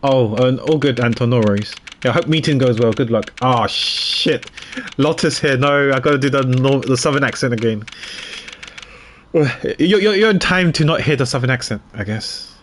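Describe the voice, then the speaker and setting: A man's voice: medium pitch, normal speed, a little hiss or hum. A man streaming a game, chatting offhand to viewers between voiced lines. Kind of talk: casual gaming commentary.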